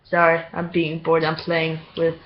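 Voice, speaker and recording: A man's voice: on the high side, completely flat delivery, normal speed, a little hiss or hum. A man telling a story in a casual vlog, rambling with many fillers and restarts and laughing often. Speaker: vlogger. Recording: dull lo-fi home video audio.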